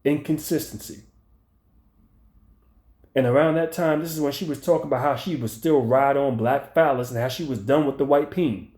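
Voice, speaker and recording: A man's voice: mid-range voice, moderate pace, darkish tone. A man hosting a commentary video, ranting in a profane, heated and mocking way. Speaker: commentary channel host. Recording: echoey room.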